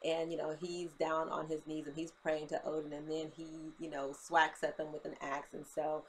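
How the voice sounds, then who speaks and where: A woman with a slightly low voice runs through a TV episode recap in a relaxed, chatty way. She keeps stopping for asides and fillers, the way someone gossips with friends about a favorite show. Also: moderate pace, a little hiss or hum. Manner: gossipy and expressive, with many fillers like "you know" and "okay?".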